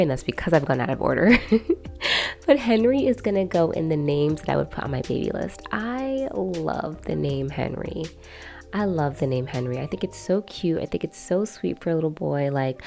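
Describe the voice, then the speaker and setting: Low gravelly-voiced woman chatting. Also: a little mellow. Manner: rambling and chatty, many fillers and asides. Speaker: video host. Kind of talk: casual chat to camera.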